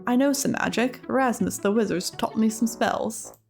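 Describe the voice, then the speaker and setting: A woman's voice: fairly high pitch, moderate pace, vocal fry, darkish tone, soft background music. A woman voicing a chatty old male cave hermit who rambles in folksy dialect grammar, reading his lines in a put-on accent. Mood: cheery rambling.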